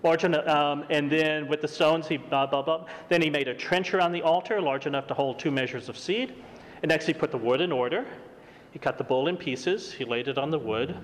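A middle-aged man preaching a sermon, reading scripture and acting out the quotes in a lively, high voice. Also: a little fast, a little hiss or hum. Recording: long hall reverb.

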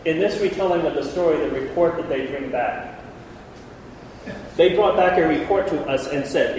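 A man preaching a lively Bible lesson, who jokes with the room and calls out listeners by name. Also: a little high, normal speed. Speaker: preacher teaching a Bible class. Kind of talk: lively sermon. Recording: echoey hall from far off, faint noise.

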